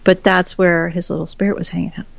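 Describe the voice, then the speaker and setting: This Texas woman guesting on a casual chat talks fast, telling stories with frequent laughter and acted-out voices. Her voice is low and gravelly with little pitch movement. The call recording is dull and lo-fi, without echo.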